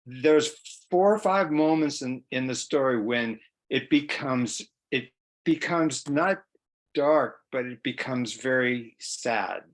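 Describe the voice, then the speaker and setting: A man's voice: medium pitch, takes it slowly. Man interviewing with searching phrasing. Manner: thoughtful, searching phrasing with many fillers. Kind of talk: conversational interview questions.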